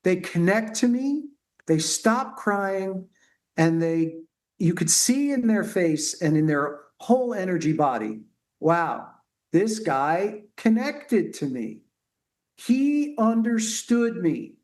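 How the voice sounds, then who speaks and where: Slow, earnest male pediatrician. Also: high voice, sing-song. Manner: earnest, slow, halting with many restarts. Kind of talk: conversational interview talk.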